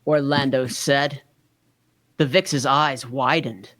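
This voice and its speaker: A man taking over narration in a comedic fanfiction table read, reading in a measured way. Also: mid-range voice, fairly even intonation, a bit bright.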